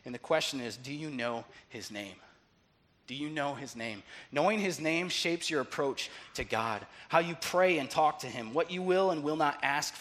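A man preaching a sermon, telling a story and acting out its dialogue, moving between hushed, quiet passages and loud, excited ones. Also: fairly high pitch, normal speed. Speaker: pastor.

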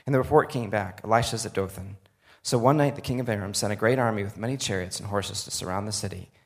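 A man delivers a sermon in a somewhat low, gravelly voice. He moves between reading scripture and talking directly to his listeners in an earnest, conversational way. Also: quick pace. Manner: earnest, conversational asides to the audience. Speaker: preacher.

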